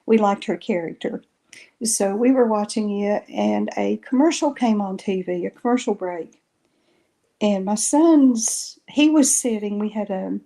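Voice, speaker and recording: Mellow-voiced woman telling a story. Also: mid-range voice. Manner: rambling, self-correcting storyteller. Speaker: guest recounting paranormal experiences. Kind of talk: casual storytelling interview.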